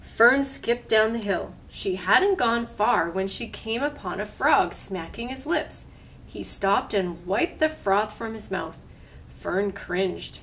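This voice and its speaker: A woman at a library story time, reading a picture book in a gentle, unhurried voice. She pauses to explain the pictures to her listeners. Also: mid-range voice, expressive, slight background noise.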